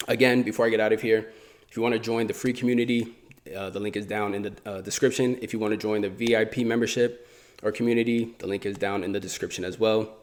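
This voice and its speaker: A man with a fairly low voice talks through trading charts in a relaxed, conversational way. He thinks aloud, circles back and repeats phrases as he points things out. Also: fast talker. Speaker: forex trading YouTuber. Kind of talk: casual chart walkthrough.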